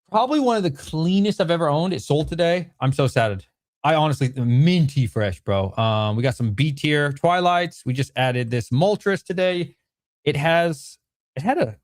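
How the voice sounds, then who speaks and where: A man's voice: medium pitch, dry recording, studio quality. A man casually running through card products on a live stream, chatty and rambling, correcting himself as he goes. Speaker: Pokemon card seller streaming.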